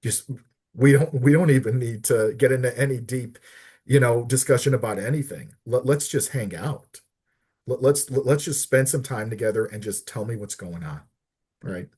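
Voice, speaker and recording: A middle-aged man, a podcast guest, telling a personal story earnestly and haltingly, often repeating words as he searches for them. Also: medium pitch, warm tone, husky. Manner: earnest, heartfelt. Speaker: podcast guest, disability advocate.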